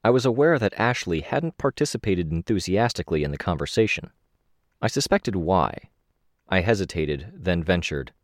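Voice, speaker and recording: Deep voiced guy reading a novel, expressive, super dry recording. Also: normal speed, no room sound. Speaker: audiobook narrator. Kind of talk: audiobook narration.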